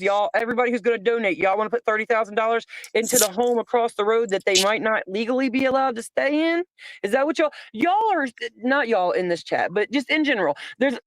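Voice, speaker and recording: A woman's voice: fairly high pitch, a little hiss or hum. A woman in casual livestream chat, talking emphatically and bluntly and swearing freely.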